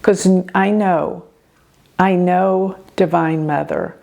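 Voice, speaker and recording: Slow-talking older woman telling a personal story. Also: lowish voice, vocal fry. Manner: earnest, expressive storytelling. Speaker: astrologer host.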